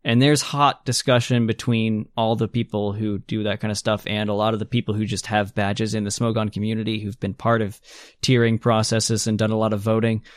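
A man's voice: lowish voice, level tone, a little fast, smooth, no echo, clean studio sound. A man hosting a casual gaming podcast, explaining things at length with enthusiasm. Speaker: podcast host.

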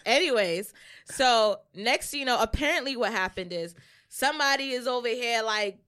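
A young woman co-hosting a podcast shares a personal story in casual, profane conversation, acting out other people's lines with animation. Her voice is on the high side, clear and resonant, at normal speed.

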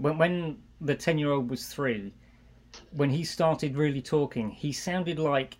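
A middle-aged man from England, a guest on an interview podcast, chatting casually and telling anecdotes. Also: a little high. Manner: relaxed, anecdotal storytelling. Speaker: guest, marketing executive.

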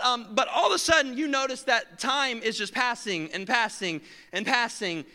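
A man's voice: very high voice, pushed and bright, clear, resonant tone, big-room sound. A male pastor preaching a sermon, telling stories animatedly and acting out the scenes.

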